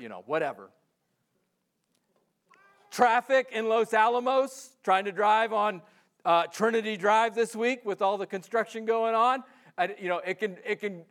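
Man, pastor, high voice, conversational sermon, acts out character voices. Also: fairly bright tone.

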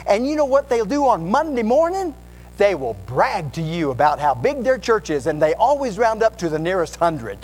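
A man's voice: a little high, rough recording. A man voicing a boastful know-it-all churchgoer who talks with mock self-importance and lots of bragging.

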